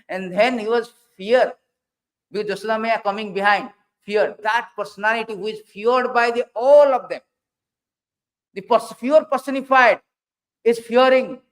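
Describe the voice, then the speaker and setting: A man preaching a scripture class, animated, swinging from loud bursts to low asides and acting out quoted dialogue. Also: low-quality recording. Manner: quotes figures in dialogue, halting restarts.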